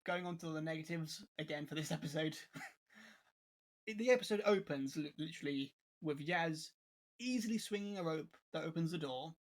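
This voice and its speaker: A man's voice: fairly high pitch, moderate pace. Exasperated young man reviewing. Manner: animated, exasperated, many restarts and laughs. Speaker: co-host reviewer. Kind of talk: casual review chat.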